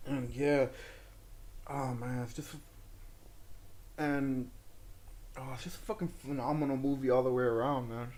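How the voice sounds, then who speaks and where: A young man in casual podcast talk, excitedly and profanely retelling movie scenes and acting out the characters' lines. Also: mid-range voice, measured pace, pauses often. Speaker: podcast co-host. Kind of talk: casual movie review chat.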